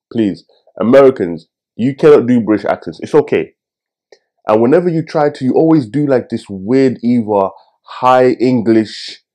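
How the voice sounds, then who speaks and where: Young male reviewer, deep-ish warm tone, casual ranting with cheeky asides. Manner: animated, swearing, jokey asides. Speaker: film review host.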